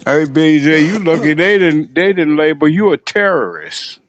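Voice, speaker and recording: A man's voice: on the high side, lively intonation, moderate pace, lo-fi sound, a little hiss or hum. A man co-hosting a podcast, chiming in with teasing remarks and laughs in casual chat. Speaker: podcast co-host.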